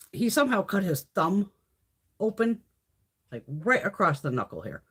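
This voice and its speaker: A woman's voice: on the low side, husky. A woman hosting a beauty livestream, telling stories in blunt, profane casual chat with snarky asides.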